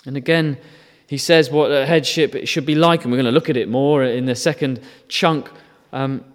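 A man preaching a sermon in a church, his voice sitting at an ordinary middle pitch. He talks in a conversational way, asks his listeners rhetorical questions and briefly acts out short quotes. A long reverb trails every phrase. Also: fairly even intonation, moderate pace.

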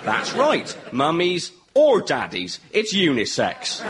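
A man playing a brisk, mock-official tour guide in a comedy sketch. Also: sits high, lively intonation. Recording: loud background noise.

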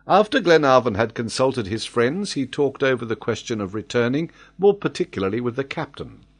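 A man narrating a classic adventure novel in a measured, steady audiobook reading. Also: mid-range voice.

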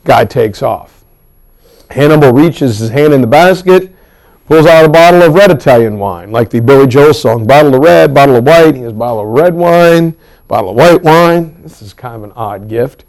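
A man teaching a history class, telling the story with lively asides and acted-out quotes. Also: mid-range voice, moderate pace, poor audio. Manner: animated storytelling with pop-culture asides. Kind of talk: classroom lecture.

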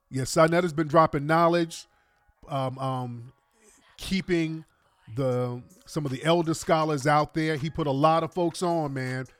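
A man hosting a casual livestream, talking in animated, slangy street talk to his viewers. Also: on the high side, no room sound. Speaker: livestream host.

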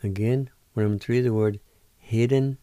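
A man hosting a radio language lesson, spelling words out and pronouncing each one slowly, syllable by syllable, in a patient, encouraging way. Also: mid-range voice, fairly even intonation, warm tone, clear, resonant tone, no room sound. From Oklahoma, United States. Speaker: language teacher on a radio show. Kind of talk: slow spelling and pronunciation lesson.

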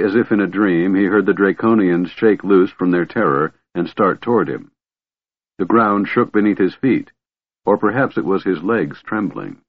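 A man narrating a fantasy audiobook in a measured, dramatic reading. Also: low-pitched, slightly rough, dry recording. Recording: tinny phone-like audio.

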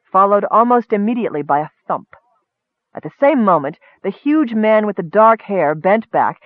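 A man's voice: sits high, no room sound. Man narrating in tinny dry audio. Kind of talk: scripted fantasy narration.

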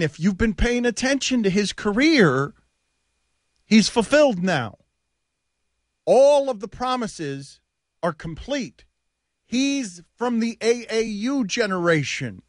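High-voiced animated sports radio host. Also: male voice, no echo, clean studio sound. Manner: animated, riffing, rhetorical questions. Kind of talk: sports talk radio banter. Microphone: studio microphone.

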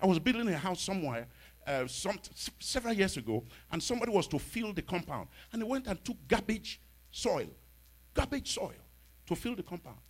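Animated preacher man. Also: sits high, brisk. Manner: animated storyteller, shouting declarations. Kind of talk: storytelling sermon, rising into shouted exhortation.

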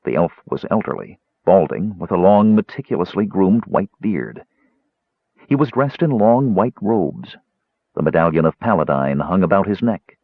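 A man narrates a fantasy novel with expressive storytelling. His voice is low but moves a lot, and the recording is dry and dull. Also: moderate pace, breathy edge, no echo. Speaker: audiobook narrator.

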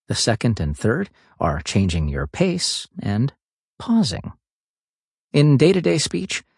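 A man reading a scripted book summary in an expressive, varied narration. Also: fairly low pitch, breathy edge, no echo, studio quality.

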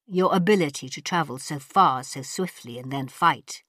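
A woman's voice: sits low, fairly bright tone, dry recording, clean studio sound. A woman voicing a proud, scheming male warlord conceding grudgingly. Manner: grudging, measured.

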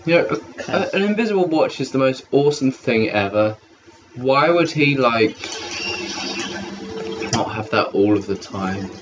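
A man's voice: mid-range voice, expressive, moderate pace, pauses often, background noise. A man co-hosting a casual watch-along commentary, sardonic and swearing freely. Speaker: podcast co-host. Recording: dull lo-fi audio with music.

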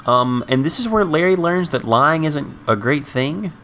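A man's voice: fairly high pitch, lively intonation, moderate pace, bright, forceful tone, faint music behind. A man co-hosting a podcast, giving wry, sarcastic commentary on a sitcom episode. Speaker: podcast co-host. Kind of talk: casual recap chat.

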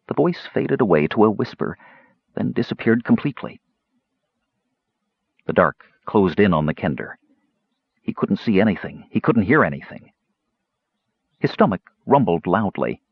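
A male audiobook narrator with a low, husky voice reads a fantasy story with lively, dramatic expression. The recording is dry and dull, with a lo-fi tone. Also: normal speed, no room sound.

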